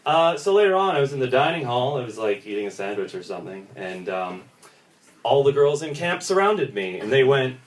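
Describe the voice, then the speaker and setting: Young man doing stand-up, animated. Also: medium pitch. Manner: animated storytelling, acts out others' voices in quick bits. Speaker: stand-up comedian. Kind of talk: stand-up comedy set. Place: small pub comedy room with audience laughter. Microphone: phone recording from the audience. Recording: roomy, distant phone recording with noise.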